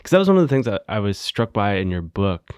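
Low-voiced casual male interviewer. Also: very animated, fast talker, a little mellow, clear, resonant tone, no room sound, studio quality. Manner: casual, uses many "like" fillers. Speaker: interviewer, host. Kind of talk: conversational interview.

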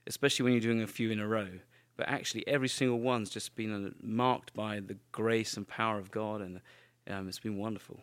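A man's voice: fairly low pitch, fairly even intonation, brisk, few pauses. A man, a guest on a podcast, talking in a friendly, easy way. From England. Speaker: guest worship musician. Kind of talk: casual podcast chat.

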